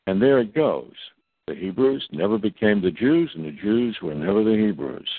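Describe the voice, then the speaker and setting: A man's voice: fairly low pitch, expressive, moderate pace, slightly rough, dry recording. A man speaking as a guest on a talk radio show, in a long emphatic monologue, spelling out acronyms letter by letter. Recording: tinny phone line.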